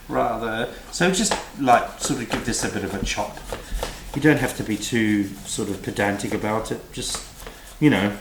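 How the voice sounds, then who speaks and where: A theatrical man co-hosts a home cooking segment with a playful, camp manner. His voice rises and falls expressively. It is recorded in a boomy kitchen with the clink of dishes and pots behind him. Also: animated, a little slow, background noise. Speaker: cooking show co-host. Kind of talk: camp comic cooking demonstration. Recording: echoey kitchen with clattering pans. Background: dish and pan clatter.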